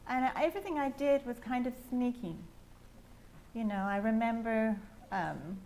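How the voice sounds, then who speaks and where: An older woman with an English accent, sharing a meandering personal testimony with soft laughs. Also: on the high side, moderate pace, a little hiss or hum. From England. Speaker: testimony speaker at a prayer house.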